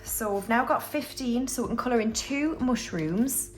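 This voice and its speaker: A woman's voice: fairly high pitch, moderate pace, soft background music. Chatty woman counting cash. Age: under 45. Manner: chatty, counts money aloud, asides to viewers. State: slightly unwell, clearing throat. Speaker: budgeting YouTuber. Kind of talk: casual chatty voiceover while counting cash.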